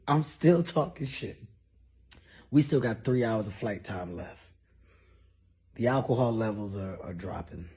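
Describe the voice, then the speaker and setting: A man telling a comedic personal story in a loud, animated, profane way. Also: lowish voice, slow, pauses often, husky. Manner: animated, profane, shouts when acting out quotes.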